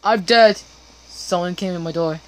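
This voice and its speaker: A woman's voice: lowish voice, moderate pace, slight background noise. A young woman playing a horror game, swearing and screaming whenever something startles her. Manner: jumpy, swears and screams at scares. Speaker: gamer.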